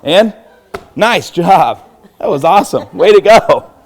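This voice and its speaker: A man's voice: high-pitched, lively intonation, slow. Upbeat young Texan man coaching a class. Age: young adult. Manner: upbeat, encouraging, laughs often. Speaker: martial arts instructor. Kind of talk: live self-defense class. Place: church hall.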